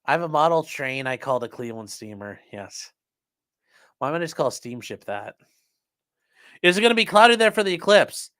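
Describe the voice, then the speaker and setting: A man hosts a casual livestream, joking, rambling, and reading viewer comments aloud. His slightly high, fairly bright voice is very animated and a little fast, though he leaves long pauses.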